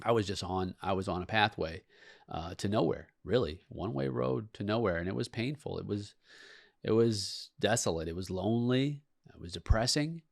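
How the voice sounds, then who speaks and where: A man's voice: on the low side, normal speed, gravelly, dry recording, clean studio sound. A middle-aged man hosting a leadership podcast, speaking earnestly and often repeating words for emphasis. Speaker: podcast host, leadership coach. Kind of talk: motivational talk.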